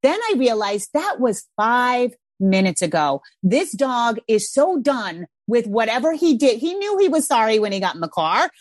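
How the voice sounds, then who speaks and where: A middle-aged woman in casual chat, telling lively stories and swearing casually. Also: a little high, moderate pace, hardly any pauses, no echo. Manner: animated storyteller, swears casually.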